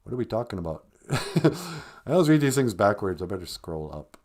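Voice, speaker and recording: A man's voice: fairly low pitch, big pitch swings, normal speed, darkish tone. A man hosting a casual live stream, joking and teasing in a playful way.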